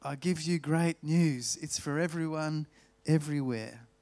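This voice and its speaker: Australian pastor preaching slowly. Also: male voice, on the high side, darkish tone. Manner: storytelling, slows down to stress key words. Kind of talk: sermon.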